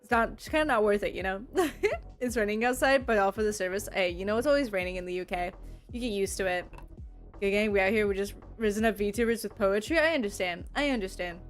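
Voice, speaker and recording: A young woman streaming as a VTuber, chatting casually with her viewers, rambling and laughing often. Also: medium pitch. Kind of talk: casual livestream chat, reading and answering chat.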